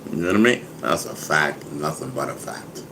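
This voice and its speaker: A man's voice: extremely low pitch, animated, normal speed, noisy background. A man talking casually to his viewers, boastful and laughing, who keeps saying "you know what I mean". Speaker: vlogger.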